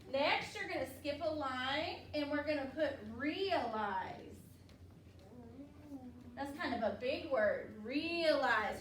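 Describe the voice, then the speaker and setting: A high-pitched woman teacher runs a phonics lesson in an upbeat, patient way, stretching words out slowly for the children. She sounds far from the microphone in an echoey classroom with a faint hiss behind her. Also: a bit bright.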